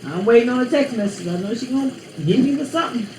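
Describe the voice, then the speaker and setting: A woman's voice: fairly high pitch, lively intonation, fast talker, dark tone, echoey room, a little hiss or hum, low-quality recording. A woman hosting her own vlog, chatting to viewers in a playful, rambling, teasing way. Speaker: vlog host. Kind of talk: casual chat to viewers.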